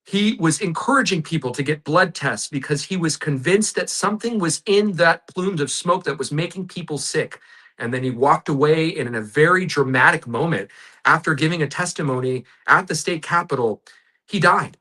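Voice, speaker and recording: Male talk host, bright tone, slightly high, conversational. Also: moderate pace. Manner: conversational, dramatic storytelling. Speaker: show host. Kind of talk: talk show interview.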